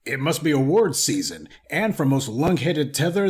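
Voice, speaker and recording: A man's voice: medium pitch, very animated, moderate pace, hardly any pauses. A man delivering a scripted commentary monologue in an indignant, lecturing manner. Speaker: online commentator.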